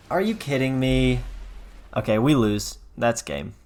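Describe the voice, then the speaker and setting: A man's voice: mid-range voice, expressive, moderate pace, darkish tone, faint music behind. Man thinking aloud over a card game. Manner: thinks aloud, self-correcting, wry. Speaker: gameplay commentator. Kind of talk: casual gameplay commentary.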